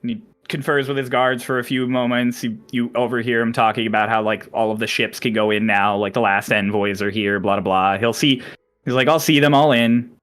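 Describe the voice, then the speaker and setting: A man's voice: on the low side, level tone, brisk, a bit bright, faint music behind. A man narrating a tabletop game as game master, describing scenes casually with fillers.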